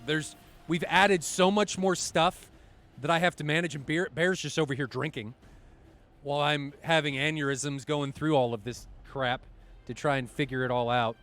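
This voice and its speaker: A man commentating a live flight-simulation match stream in a chatty, excitable way, swearing now and then and poking fun at himself. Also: fairly high pitch, moderate pace. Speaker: esports commentator.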